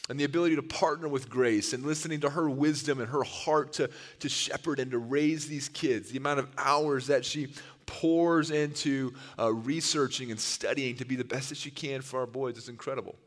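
A man in his thirties preaching a sermon in a church sanctuary, earnest and quick to tell stories. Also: mid-range voice. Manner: earnest and storytelling, given to animated retellings. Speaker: pastor. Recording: long reverb of a large hall.

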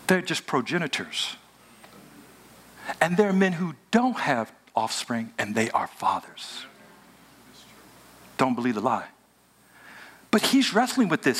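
A man preaching a lively, joking sermon in casual everyday speech and talking back and forth with a live audience. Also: medium pitch, measured pace, pauses often, breathy edge. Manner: animated, joking, colloquial, talks with the audience. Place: hotel event room before a live audience.

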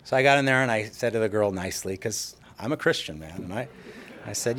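A man's voice: lowish voice, a little fast, a bit bright. A middle-aged man preaching a sermon, telling personal stories and acting out quotes of what people said. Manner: storytelling with acted-out quotes. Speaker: pastor.

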